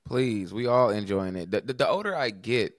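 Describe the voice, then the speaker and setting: A man co-hosting a casual podcast speaks in a low voice that swings widely in pitch. He reacts with incredulity and laughs along. His sound is close and dry. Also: lively intonation, moderate pace, no room sound. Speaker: podcast co-host.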